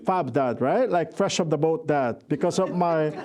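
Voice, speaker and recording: A middle-aged man gives a conference workshop talk, telling jokes at his own expense and often restarting his sentences. His voice is fairly high-pitched and a little mellow, and he speaks unhurriedly.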